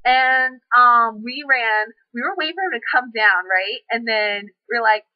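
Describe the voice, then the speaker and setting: Young woman, vlogger, excited, rambling, fillers, dry, lo-fi webcam audio. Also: on the high side, a little slow, dry recording. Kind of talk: casual chat.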